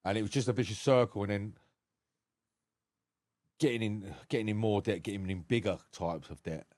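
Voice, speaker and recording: Low-voiced English man, candid and swearing. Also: normal speed, a little mellow, no room sound, studio quality. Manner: candid, swears freely, laughs often. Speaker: podcast guest. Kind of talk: casual podcast conversation.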